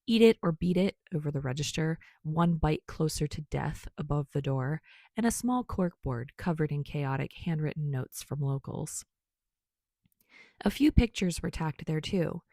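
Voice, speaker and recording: Low, gravelly woman reading a story. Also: darkish tone, no echo, clean studio sound. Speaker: podfic reader. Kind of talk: scripted narration of fan fiction.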